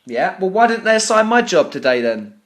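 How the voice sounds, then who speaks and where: This is an exasperated British man with a high, strained voice, venting at a customer service agent. His complaint turns sarcastic and profane, and he stumbles over the same words again and again. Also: big pitch swings, a little fast. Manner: furious, ranting, sarcastic, stammering repetitions; swears often. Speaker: business owner calling customer service. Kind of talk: phone complaint call.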